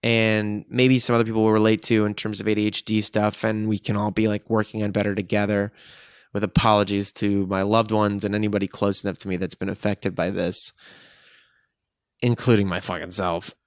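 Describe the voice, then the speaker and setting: A man's voice: fairly low pitch, level tone, brisk, clean tone, dry recording, clean studio sound. A man speaking in a frank, profane and emotionally intense way, reflecting on himself in a personal monologue. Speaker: vlogger.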